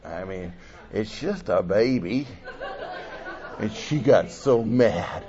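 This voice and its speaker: An older male pastor preaching a sermon, animated, swinging between loud bursts and soft asides. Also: fairly low pitch, slow, pauses often, crowd noise. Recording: dull lo-fi sound.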